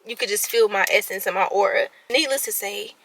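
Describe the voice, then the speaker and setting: A woman's voice: mid-range voice, fairly quick, no echo, low-quality recording. A woman in her late twenties talking candidly about her feelings, her voice at times cracking as she holds back tears. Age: 20s. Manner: candid, expressive, swings between soft and loud. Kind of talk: emotional personal venting.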